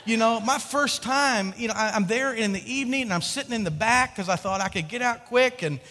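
Animated high-voiced male preacher. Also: a little fast, long reverb tail. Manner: storytelling, animated, with stammered restarts. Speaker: pastor. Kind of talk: sermon.

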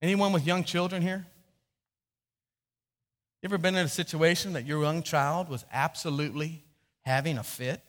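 High-voiced pastor preaching in a reverberant hall. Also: male voice. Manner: animated storytelling, acting out quotes, frequent restarts. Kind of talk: sermon.

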